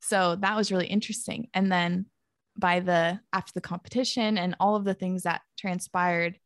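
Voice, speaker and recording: A woman's voice: on the low side, steady tone, normal speed, no echo, clean studio sound. A young woman talking casually as a podcast guest. She is chatty, says "like" a lot and laughs often. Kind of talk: casual conversation.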